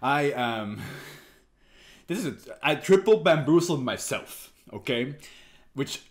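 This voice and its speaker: A man hosting a casual anime reaction, joking and laughing often as he talks on his feet. His voice sits at a middle pitch but swings widely up and down. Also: slow. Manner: animated, jokey, laughs often; talks while standing.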